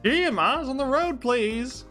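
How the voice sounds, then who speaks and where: A jittery young hostage, put on by a man who pushes his voice far up and pleads with his reckless captors. The delivery is strained and exasperated, and it slows on the begging lines. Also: very high-pitched, expressive, sharp tone, faint music behind, pitched above the performer's own voice, exaggerated voice. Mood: pleading.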